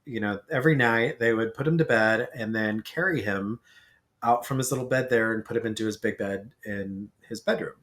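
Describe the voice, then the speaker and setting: Animated male podcast guest telling a story. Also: lowish voice, moderate pace. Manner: animated storyteller who acts out quoted lines.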